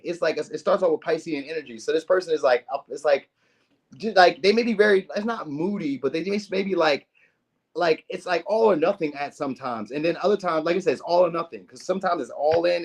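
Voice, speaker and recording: A man giving a casual tarot reading to camera, chatty and slangy, swearing freely and acting out what people might say. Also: a little high. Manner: loose and chatty, slangy, swears, acts out quoted lines. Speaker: tarot reader.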